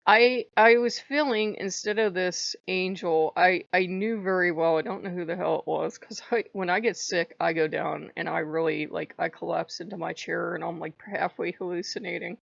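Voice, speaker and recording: A woman's voice: lowish voice, steady tone, moderate pace, gravelly, few pauses, no room sound, dull audio. A woman host chatting casually in a vlog, talking in loose digressions and laughing often. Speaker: channel host. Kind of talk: casual rambling vlog chat.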